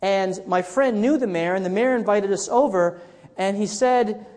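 A man's voice: high voice, normal speed, a little mellow. Guy pastor telling a story in his sermon, casual, lots of restarts, long church echo. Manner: conversational storytelling with frequent restarts.

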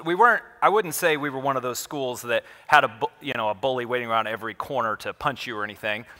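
A man preaching a sermon, telling a personal story in a relaxed, conversational and self-deprecating way. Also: medium pitch, big-room sound. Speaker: pastor.

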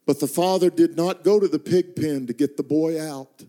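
A middle-aged man preaches, telling a personal story from the pulpit. His voice sits fairly high, often dropping to a slow hush before climbing with fervent force. He sounds like a pastor carrying a congregation through a moment of deep feeling. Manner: builds from hushed, slow narration to impassioned, high-pitched intensity. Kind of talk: sermon storytelling.

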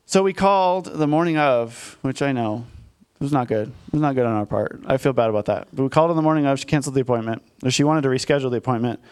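A man's voice: mid-range voice, fast, hardly any pauses, a little mellow, clear, resonant tone. A man in his thirties, a pastor telling a personal story in a candid, self-deprecating conversational sermon to his congregation.

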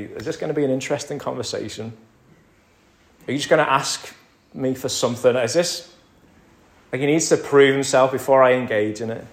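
A man preaching a sermon, building to emphatic peaks and dropping to near-whispers. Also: medium pitch. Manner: rises to emphatic crescendos, drops to near-whisper. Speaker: pastor.

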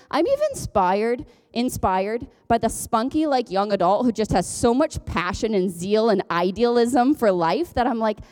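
Woman pastor, mid-pitched voice, casual self-mocking sermon style with jokes. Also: a little mellow. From Ontario, Canada. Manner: chatty, self-deprecating, jokes and laughs often. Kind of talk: conversational sermon.

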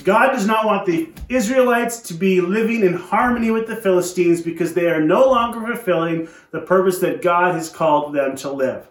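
A male pastor preaching a sermon, retelling a story in an animated way with joking asides. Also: high-pitched, roomy sound. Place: church.

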